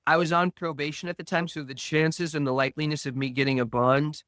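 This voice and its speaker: Earnest man slowly telling a story. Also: fairly high pitch, steady tone, fairly bright tone, no room sound. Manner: earnest, slow storytelling with reenacted dialogue. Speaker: podcast guest. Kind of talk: personal recovery story.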